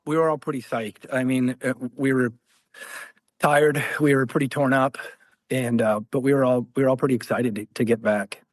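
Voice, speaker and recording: Animated male veteran storyteller. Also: mid-range voice. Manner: animated, laughs often, acts out quoted voices. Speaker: guest, former Marine. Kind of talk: conversational storytelling.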